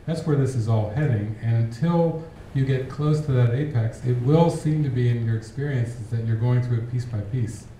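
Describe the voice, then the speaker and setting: A man giving a relaxed, reflective spiritual talk to an audience, working through everyday examples. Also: mid-range voice, normal speed, hardly any pauses, very echoey, far from the mic, slight background noise, rough recording. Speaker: spiritual teacher.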